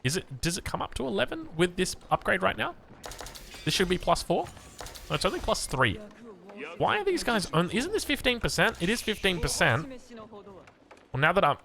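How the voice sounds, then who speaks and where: A man's voice: on the high side, gravelly. An Australian man casting a strategy game, chatty and self-mocking, drifting into rambling asides. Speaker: game caster. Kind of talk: casual game commentary.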